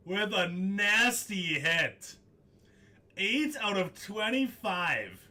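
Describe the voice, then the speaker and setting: Excitable man hosting a live card break. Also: sits high, drawn-out words. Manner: excitable, jokey, laughs often. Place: studio.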